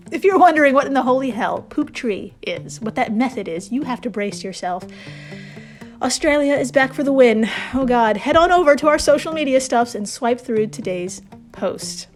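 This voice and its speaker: A woman hosting a casual storytelling podcast, swearing freely and laughing at her own asides. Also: sits high. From New York. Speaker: podcast host.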